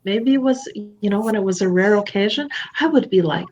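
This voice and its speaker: Woman podcast host, emphatic and playful, mid pitch, a little lo-fi. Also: a little fast, few pauses, darkish tone. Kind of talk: candid conversational chat.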